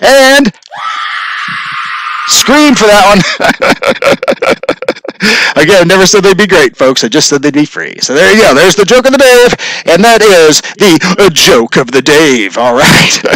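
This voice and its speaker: A middle-aged man hosting a casual home livestream, talking in a loose, rambling way and chuckling at his own corny jokes. His voice sits a little high for a man and has a bright, forward edge. The sound is dry and close, with little room in it. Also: animated, normal speed, no room sound, poor audio. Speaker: livestream host. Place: home workshop studio.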